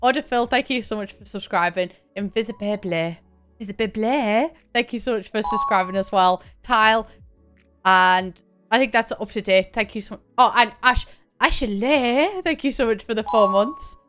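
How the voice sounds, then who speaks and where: A woman's voice: medium pitch, normal speed, music in the background. A young woman chatting casually on a live stream, thanking viewers by name and laughing often. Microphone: desk mic, camera on.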